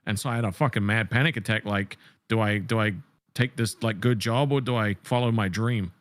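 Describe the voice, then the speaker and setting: A man's voice: fairly low pitch, fairly even intonation, fairly quick. A man joking defensively with co-hosts on a casual livestream panel, rambling with restarts. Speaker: show host.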